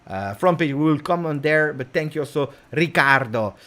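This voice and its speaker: A football channel host with an Italian accent runs a livestream, chatting casually and reading viewer messages with lots of fillers. His slightly high voice is animated, pushed, and bright, at a moderate pace.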